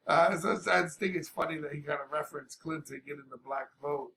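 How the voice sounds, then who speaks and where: Man, gravelly voice, slightly high, casual reaction talk, sick, at home, faint room hiss. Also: pushed and bright. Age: older adult. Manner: laid-back, talks over paused music with fillers. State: sick, coughing. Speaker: reaction video host.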